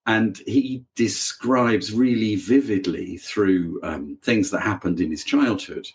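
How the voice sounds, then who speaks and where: A man with a somewhat low voice chats as a podcast guest. He talks casually and keeps trailing off and restarting. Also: slow pace. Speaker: author guest. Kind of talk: casual conversation.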